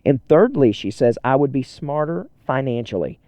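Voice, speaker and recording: A man hosting a podcast chats sincerely to listeners from his car as he drives, rambling and self-deprecating. His medium-pitched voice is animated and mellow at a normal speed, with no echo and the high frequencies cut off.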